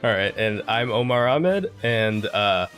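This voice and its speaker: A man's voice: on the low side, big pitch swings, a little slow, fairly bright tone, soft background music. A man joining a casual panel discussion with a dry, understated manner.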